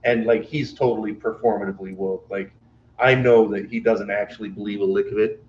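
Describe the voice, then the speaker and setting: A man's voice: lowish voice, steady tone, a little fast, a little mellow, slight background noise. Rambling man on dull lo-fi audio. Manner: rambling, laughs through his stories, many fillers. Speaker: podcast co-host. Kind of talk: casual chat, storytelling.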